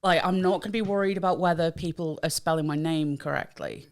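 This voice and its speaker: A woman's voice: fairly low pitch, a little fast. A British woman co-hosting a podcast, talking casually and hesitantly, with many fillers. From Britain. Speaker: podcast co-host. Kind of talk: casual chat.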